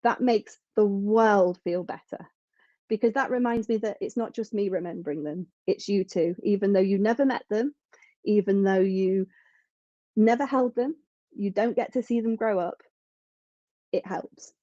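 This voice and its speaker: A woman's voice: mid-range voice, moderate pace, warm tone, dry recording, dull audio. A woman speaking as a podcast guest in an earnest, reflective way, often restarting her sentences. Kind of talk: conversational interview.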